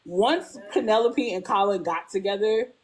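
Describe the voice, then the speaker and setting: A woman talking casually as a guest, animated, acting out characters' lines and saying "like" constantly. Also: moderate pace. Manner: animated, acts out characters' lines with big pitch jumps; peppers speech with "like". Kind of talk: casual fan discussion.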